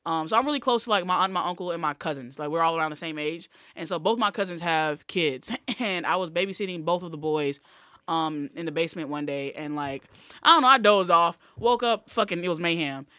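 A woman's voice: lowish voice, fairly quick, sharp tone, no echo, clean studio sound. A woman comedian, a guest on a podcast, chatting loosely and telling stories with lots of "like". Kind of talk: casual podcast chat.

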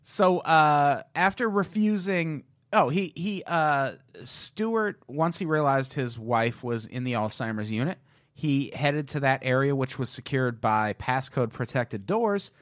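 A man's voice: medium pitch, expressive, a little slow, no room sound. A man co-hosting a comedy true-crime podcast, reading the case casually and swearing as he goes. His voice swings widely up and down as he jokes around. The sound is dry and close, with no room around it. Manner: profane, joking tangents while reading a case. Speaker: podcast co-host.

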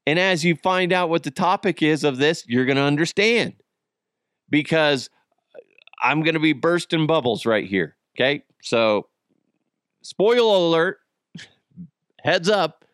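A man hosting a podcast, telling a family story in a casual, animated way and swearing freely. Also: on the high side, unhurried, pauses often, no room sound, clean studio sound. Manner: animated, swears freely, acts out quoted voices. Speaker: podcast host.

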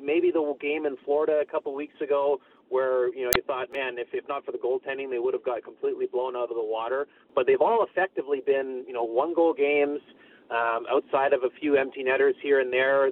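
A man calling in by phone as a guest, giving thoughtful, measured hockey analysis. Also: medium pitch. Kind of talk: phone-in sports talk. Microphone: telephone. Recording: tinny phone line.

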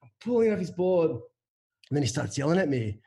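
Husky man telling a story. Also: on the high side, a little fast. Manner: profane, animated storyteller. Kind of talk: casual chat, storytelling.

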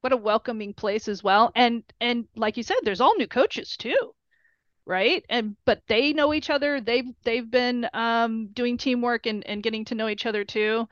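A woman's voice: on the high side, no room sound, muffled recording. A middle-aged woman, a mother, telling a story casually and emotionally, with many fillers and quoted dialogue. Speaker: mother of a college football player.

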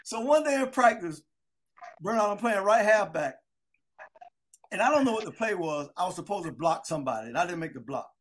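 His voice sits high and moves briskly as this man in his sixties shares tales from his younger days with longtime friends. The chat is relaxed, and he performs each quote with lively flair.

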